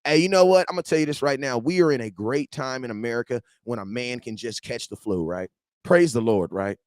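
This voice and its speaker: Man about forty, fan commentary, lively slangy talk, dry close sound. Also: no room sound. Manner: animated, swinging between loud outbursts and low asides, slangy. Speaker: football fan show host. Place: his garage.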